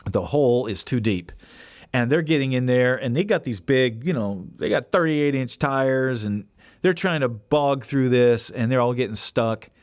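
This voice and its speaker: Lively man telling a story. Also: mid-range voice, normal speed, no room sound, studio quality. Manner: animated, acts out quoted voices. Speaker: podcast host. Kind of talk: casual storytelling.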